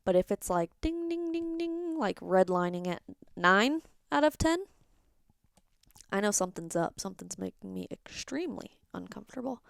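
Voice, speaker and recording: Woman doing a solo podcast, kinda gravelly and low, rambly and open, slips into whispers, dry mic. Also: no room sound. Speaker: podcast host. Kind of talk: personal solo podcast talk.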